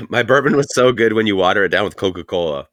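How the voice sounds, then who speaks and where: Guy with a real low voice, swearing his way through a long rambling story on a podcast, dry close sound. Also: fast talker, a bit bright, no echo. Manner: rambling profane storytelling, laughing often. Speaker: podcast co-host. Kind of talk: casual podcast chat.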